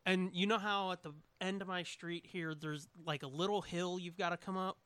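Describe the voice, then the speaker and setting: A man's voice: high voice, moderate pace, clean tone, no room sound. A man co-hosting a podcast, telling a neighborhood story in casual, profane chat and acting out the people in it. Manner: animated storyteller, swears often, acts out quotes. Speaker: podcast co-host.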